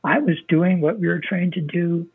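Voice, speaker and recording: An older American veteran recounts events in a plainspoken, vivid way, swearing freely. His voice sits a little high for a man, with deep gravel and a raspy, husky edge. The sound is dry and narrow, like a phone line. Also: normal speed, dry recording. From United States. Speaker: guest, military veteran. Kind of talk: casual interview storytelling.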